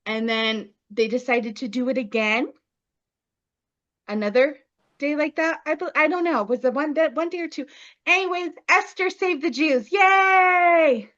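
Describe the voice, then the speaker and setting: A woman's voice: high voice, normal speed, long pauses, a bit bright, muffled recording. A woman co-hosting a podcast, casually retelling a story in playful slang and acting out the characters' lines. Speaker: podcast co-host.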